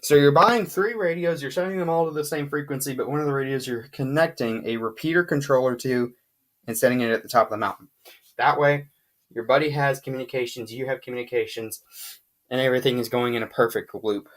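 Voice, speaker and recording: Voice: medium pitch, brisk. A radio equipment explainer giving a casual whiteboard lesson, talking emphatically and repeating points for stress.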